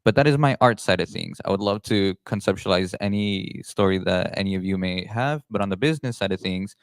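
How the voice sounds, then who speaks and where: A man's voice: sits low, fairly quick, no room sound, studio quality. A man introducing himself as a photographer at a networking meetup, upbeat and friendly. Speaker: fine art photographer.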